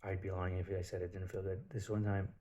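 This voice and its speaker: A man's voice: low voice, little pitch movement, fast, warm tone, muffled recording. A man telling stories in a rambling, casual monologue, swearing freely. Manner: rambling, profane storytelling.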